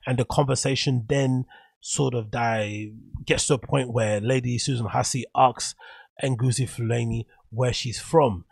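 A man rambles through opinionated takes on his solo podcast, swearing casually. His voice is gravelly and husky, sitting in a middle range. The room around him is dry. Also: medium pitch, fairly even intonation, unhurried, dry recording. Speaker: podcast host.

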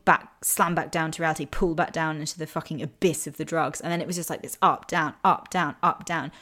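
A young woman's voice, pitched a little low, talking straight to the listener. She sounds candid and earnest and swears freely. It comes across as personal storytelling for a vlog. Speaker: vlogger.

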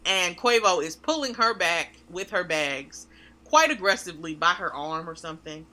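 Animated woman chatting, bright tense voice. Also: on the low side. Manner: animated, emphatic, drawn-out pauses. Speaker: podcast co-host. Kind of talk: casual chat.

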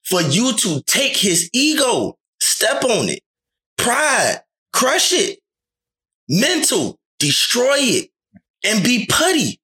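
Animated high-voiced man acting out quotes. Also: takes it slowly. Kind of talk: casual chat.

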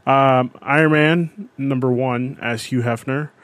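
A young man co-hosting a casual podcast chat, excitable and swearing as he defends his picks. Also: mid-range voice, a little slow, dry recording. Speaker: podcast co-host. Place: lives in New York.

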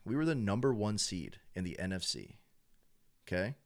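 A young man chatting casually as a sports fan, rambling with lots of filler words and getting animated when he acts out fans and announcers. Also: lowish voice, normal speed, creaky. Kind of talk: casual chat.

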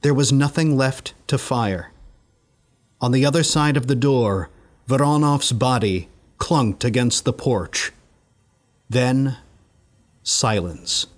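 A man narrating a horror story in a measured, deliberate way. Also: medium pitch.

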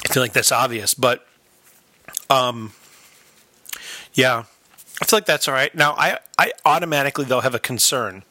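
A man's voice: mid-range voice, normal speed, pauses often, pushed and bright, no room sound. A man co-hosting a podcast in casual chat, jokey and laughing a lot, slipping into silly accents. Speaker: podcast co-host.

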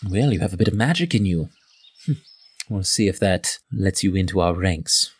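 A man's voice: low voice, lively intonation, normal speed, husky, full character voice. A man voicing a contemptuous male tiefling cultist in a tabletop game, curt and dismissive. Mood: condescending.

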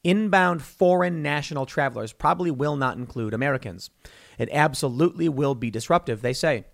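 A man's voice: on the high side, brisk, gravelly. A man hosting a solo political commentary show, talking in an opinionated, conversational way with emphatic stresses and frequent restarts.

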